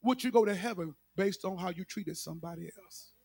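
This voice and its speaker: A man's voice: high voice, a little fast, creaky, darkish tone, husky, dry recording, studio quality. A male pastor preaching a sermon with emphatic repetition, speaking straight to his congregation.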